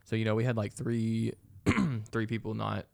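A man's voice: on the low side, fairly even intonation, normal speed, creaky, darkish tone. A young man telling a rambling story in casual chat, swearing often and laughing along.

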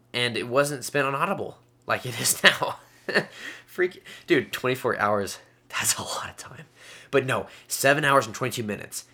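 A man's voice: mid-range voice, sharp tone. A young man in his late teens hosting a casual solo podcast, chatty and upbeat, with frequent little laughs. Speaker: podcast host.

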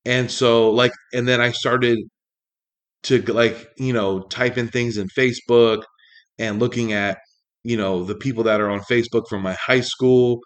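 A man's voice: mid-range voice, fairly even intonation, a little slow. A man ranting casually in a monologue, exasperated and profane, rambling with many fillers.

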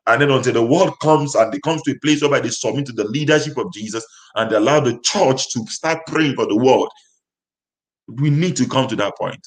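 A man's voice: medium pitch, poor audio. Emphatic male preacher. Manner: emphatic, repetitive declarations. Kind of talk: sermon.

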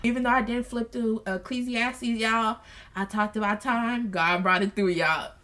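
A woman hosting a casual Bible study podcast, talking earnestly and preachily to her listeners and calling them y'all, then reading scripture aloud slowly and softly. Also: fairly high pitch, steady tone. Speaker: podcast host.

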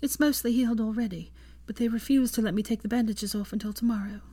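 A woman reader voicing an earnest, apologetic young woman who speaks softly and hesitantly, often in a whisper. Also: on the high side, steady tone, fast talker, voice pushed up, natural voice. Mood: tender.

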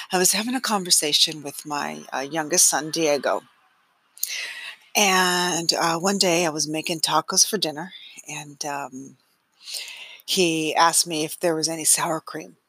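A middle-aged woman hosts her own podcast and tells a family story in a loose, chatty monologue, laughing often and restarting sentences. Her voice is bright and a little breathy. The recording is close and dry. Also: low voice, no room sound. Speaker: podcast host.

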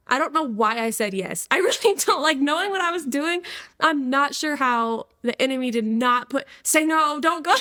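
A woman's voice: sits high, animated, normal speed, sharp tone, no echo, clean studio sound. A woman in her twenties telling her personal testimony to an interviewer in a casual, slangy way, often breaking into laughter. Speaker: interview guest.

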